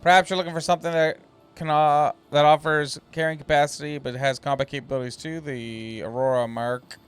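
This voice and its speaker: A man streaming a space game, chatting casually and reading ship descriptions aloud in a relaxed, slightly halting way. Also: fairly high pitch, smooth, faint music behind.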